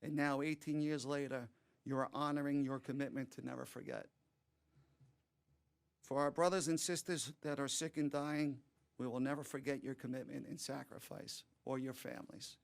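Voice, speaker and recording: A man's voice: medium pitch, steady tone, moderate pace, vocal fry. A man who is a first responder, giving solemn, heartfelt remarks at a press conference.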